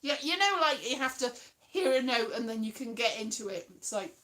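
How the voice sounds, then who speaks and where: A woman's voice: on the high side, expressive, a little fast, sharp tone. A woman hosting a casual live chat, rambling and giggling, now and then slipping into silly put-on voices. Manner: chatty and giggly, rambling with frequent laughs; slips into silly put-on voices and sung bits. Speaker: host of a live weekly stream.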